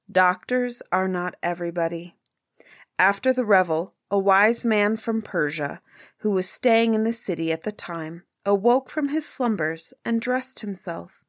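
A woman narrating a fairy tale in an unhurried, lilting storytelling manner. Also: lowish voice, no echo, clean studio sound. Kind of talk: storybook reading.

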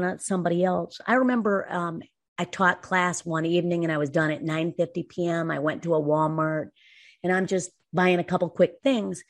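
A woman co-hosting a talk show, telling a personal story in an earnest, lively way. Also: fairly low pitch. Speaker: co-host. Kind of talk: casual podcast talk.

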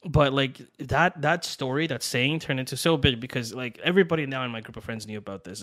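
A young man co-hosting a podcast, telling a personal story in a casual, animated way and acting out what people said. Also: medium pitch, dry recording. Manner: animated, acts out quotes with swearing and laughs. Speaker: podcast co-host.

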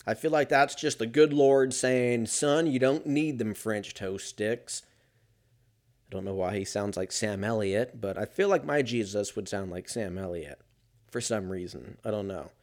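A man's voice: fairly low pitch, normal speed, darkish tone. A man talking alone in a casual monologue as a podcast host, rambling and swearing and often laughing.

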